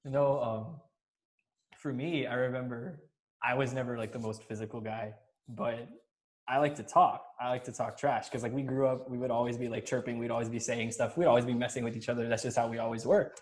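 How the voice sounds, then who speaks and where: Animated young man telling stories. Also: medium pitch, brisk. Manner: animated, acts out quotes, laughs often. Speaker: podcast host. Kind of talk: casual conversation.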